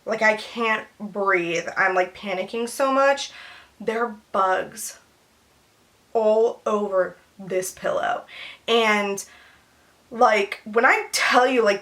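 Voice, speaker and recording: A woman's voice: medium pitch, slow. A young woman telling a casual storytime vlog, rambling with lots of fillers. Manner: rambling, filler-heavy, animated retelling. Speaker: vlogger.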